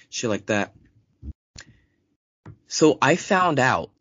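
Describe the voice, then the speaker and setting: Medium-pitched and slightly rough, a young man co-hosting a podcast tells a story a little slowly, with long pauses, in casual chat. He's profane and animated, acting out others' lines in a raised voice, on a dull, dry lo-fi recording.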